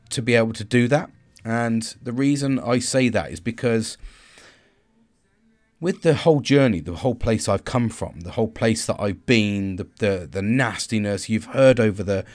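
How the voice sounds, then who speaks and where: Male host, mid-pitched, earnest reflective monologue, halting delivery.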